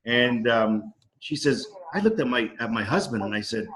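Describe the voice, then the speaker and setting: A man's voice: mid-range voice, lively intonation, moderate pace, fairly bright tone, a little hiss or hum, poor audio. Enthusiastic man telling stories on a call. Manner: enthusiastic, acts out quoted dialogue. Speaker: company co-founder. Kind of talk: casual storytelling on a video call. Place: home dining room. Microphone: video call microphone.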